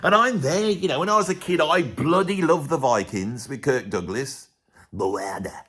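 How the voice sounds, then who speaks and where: A man, a music vlogger, ranting to camera in a casual, opinionated way, sarcastic and swinging between loud outbursts and muttered asides. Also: a little high, expressive, moderate pace, slightly rough.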